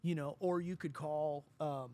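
A middle-aged man, a father, talking casually in an earnest, rambling, halting way. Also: fairly high pitch, fairly even intonation, dark tone. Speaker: father and podcast host. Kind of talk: casual conversation.

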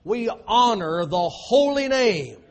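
Male pastor, high-pitched, emphatic pulpit delivery with sudden quiet drops. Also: sing-song. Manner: emphatic preaching with dramatic pauses and sudden drops to a low voice. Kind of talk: sermon.

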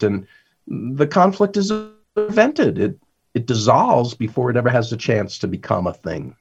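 A man's voice: medium pitch, sing-song, a little slow, gravelly, dull audio, music in the background. A man, an author and workplace trainer, talking as a podcast guest who acts out the lines he quotes.

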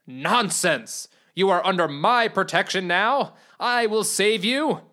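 A storyteller voicing a boastful, vain young male knight who proclaims loudly. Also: medium pitch, lively intonation, takes it slowly, pitched above the performer's own voice. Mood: gallant.

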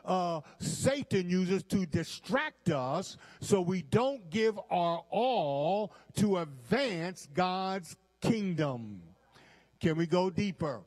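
A man with a high voice preaches a sermon at an unhurried pace, leaning hard on key words. He repeats his main points and keeps calling out to the congregation to stay with him. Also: a little mellow. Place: church.

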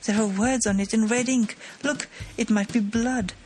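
A woman reading an audiobook, voicing a group of excited male reporters who urge someone on impatiently. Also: fairly high pitch, moderate pace, a little hiss or hum, lightly acted. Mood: urgent excited. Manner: urgent, impatient.

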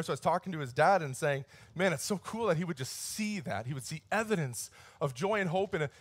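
High-voiced pastor preaching casually. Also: male voice, a bit bright, no echo. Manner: conversational storytelling, rising intensity on key points. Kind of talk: sermon.

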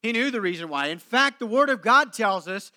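High, bright-voiced preacher, slow and emphatic. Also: male voice, animated. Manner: swings between loud emphatic preaching and hushed low passages; slow deliberate delivery with dramatic pauses. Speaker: pastor. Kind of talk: sermon.

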